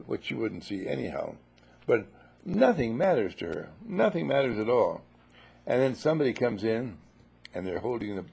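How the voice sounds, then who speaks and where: Gravelly man telling playful teaching stories. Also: on the low side, darkish tone. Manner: playful, repetitive storytelling. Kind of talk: spoken teaching talk with stories.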